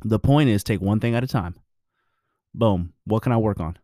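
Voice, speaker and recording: A man's voice: on the low side, moderate pace, dark tone, no echo, studio quality. A married man giving his views in a blunt, preachy, profane casual monologue.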